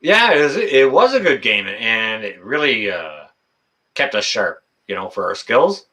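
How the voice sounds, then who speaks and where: A man's voice: fairly low pitch, big pitch swings, unhurried, pushed and bright. A middle-aged man hosting a casual livestream, reading the chat in a folksy way, with lots of fillers and laughter.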